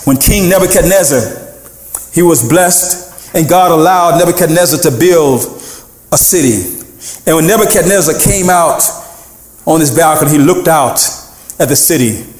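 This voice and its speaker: A man preaching a sermon as pastor, animated, calling out to the congregation and half-singing some phrases. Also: on the high side, normal speed. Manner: animated preaching with call-and-response and sung phrases. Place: church sanctuary. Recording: echoey church room.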